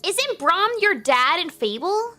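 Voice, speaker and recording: Bright high-voiced young woman streamer. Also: slow pace, soft background music. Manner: animated, giggly, rambling. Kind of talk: casual stream chat.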